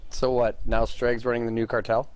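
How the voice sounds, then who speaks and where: A man's voice: medium pitch, monotone, normal speed, clean tone. A man teasing and swearing with friends over online gaming voice chat. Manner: profane, teasing. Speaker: gamer in a raid.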